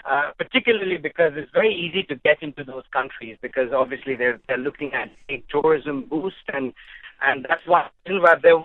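A man's voice: a little high, moderate pace, no echo. Man from India on a tinny phone line. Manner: rambling, many ums, joking. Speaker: travel journalist guest. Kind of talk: casual radio interview.

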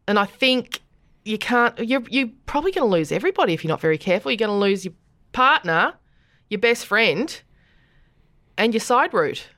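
A woman's voice: medium pitch, big pitch swings, normal speed, fairly bright tone, no room sound, clean studio sound. An Australian woman hosting a podcast in casual, chatty conversation, laughing often. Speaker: podcast host. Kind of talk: casual chat.

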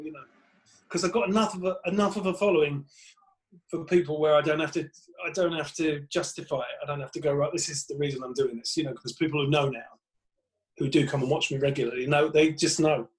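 A man's voice: fairly high pitch, fast talker, poor audio. A man, a comedian guest on a podcast, telling rambling anecdotes in casual chat with plenty of swearing.

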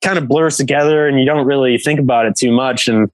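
A man's voice: mid-range voice, fairly even intonation, fast talker, no echo, rough recording. Man rambling through a casual story. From England. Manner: rambling, many fillers like "like". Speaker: guest, professional hockey player.

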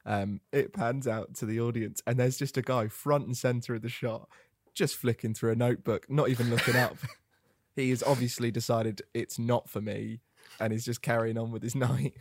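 A man's voice: mid-range voice, steady tone, moderate pace, no echo. A man co-hosting a film podcast, making wry, dry quips in casual chat. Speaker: podcast co-host. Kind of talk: casual chat about films.

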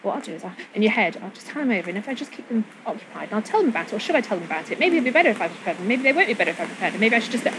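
A woman in casual chat, rambling quickly and laughing often. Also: medium pitch, sing-song, noisy background.

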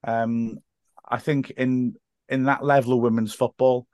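A man's voice: medium pitch, level tone, a little slow, a little mellow, no echo, clean studio sound. A man as a podcast guest, a stadium announcer and teacher, chatting casually and telling stories with frequent laughs and quoted voices.

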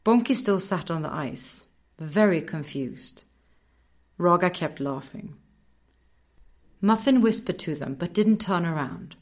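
A woman reads a children's story aloud, gentle and measured. Her voice rises and falls expressively while she keeps an unhurried pace. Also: on the low side, expressive. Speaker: narrator.

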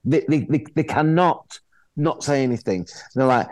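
A man's voice: medium pitch, moderate pace, no echo. A middle-aged man, telling anecdotes in casual chat as an actor guest, acting out the voices of people he quotes. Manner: animated storyteller, acts out quoted voices, frequent restarts.

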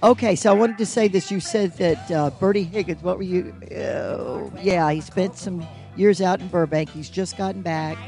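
Talking at normal speed with hardly a pause, this co-host and honorary mayor has a high-sitting, darkish voice, with faint music behind him. He jokes and rambles playfully into a handheld microphone during a casual live broadcast from an old theater.

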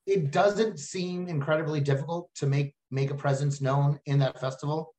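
A man with a Texan accent, a comedian chatting casually and telling animated stories as a podcast guest. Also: a little high, normal speed. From Texas. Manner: animated storyteller, slips into silly voices.

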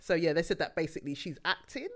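A woman's voice: low-pitched, animated, fast talker, fairly bright tone. A woman co-hosting a casual chat, laughing often and trailing off mid-sentence.

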